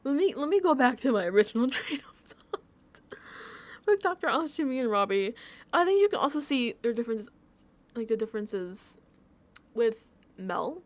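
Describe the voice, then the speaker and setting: A woman's voice: fairly high pitch, big pitch swings, moderate pace, long pauses. A young woman hosting a casual review show, ranting animatedly with frequent laughs and swearing. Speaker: podcast host reviewing a TV episode. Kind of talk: casual rant.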